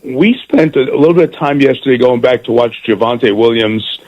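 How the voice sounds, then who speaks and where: A muffled recording captures a middle-aged football broadcaster speaking as a guest in a radio interview. He talks a little fast at a medium pitch, full of life, and repeats words as each new thought begins.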